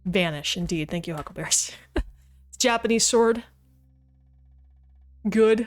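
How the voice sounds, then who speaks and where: A woman livestreams a game and talks easily to her viewers between moves, her voice sitting at a middle pitch. She laughs often and reacts out loud to what happens on screen. Quiet game music plays underneath her. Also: measured pace, pauses often. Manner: chatty, talks to chat while playing, laughs often. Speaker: streamer. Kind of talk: casual livestream gaming chat.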